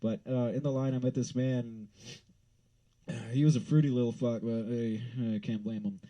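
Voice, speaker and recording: A man from Wyoming telling a rambling, profane story in a casual vlog, swinging into loud exasperated rants. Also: mid-range voice, steady tone, moderate pace, rough recording.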